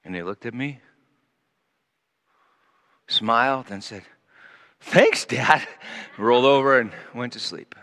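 A man preaching a sermon, animated, moving between loud emphasis and quiet asides. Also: medium pitch, measured pace, pauses often. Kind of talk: sermon with Bible teaching. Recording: long reverb of a large hall.

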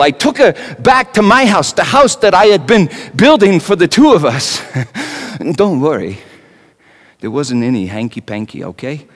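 In a dramatic one-man stage monologue, an actor with a high male voice plays Joseph, a young carpenter who is wry and anguished. He talks conversationally, with wry asides and stammered repeats, and the recording carries long hall reverb.

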